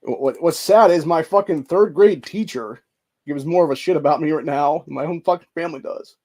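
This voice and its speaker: Man, 40s, gravelly, rapid, profane rambling vent, emotionally frayed. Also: a little high, darkish tone. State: emotional and stressed. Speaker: vlogger. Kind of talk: casual venting monologue.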